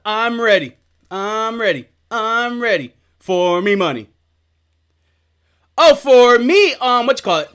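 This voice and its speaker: A man's voice: high-pitched, fairly bright tone. A young man streaming a game, rambling casually with loose fillers and casual swearing. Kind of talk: casual gameplay commentary.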